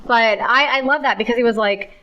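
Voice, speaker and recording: A woman's voice: fairly high pitch, fairly quick, sharp tone. A woman co-hosting a film podcast, talking in an enthusiastic, rambling way with lots of restarts. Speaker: podcast co-host. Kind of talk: casual film review chat.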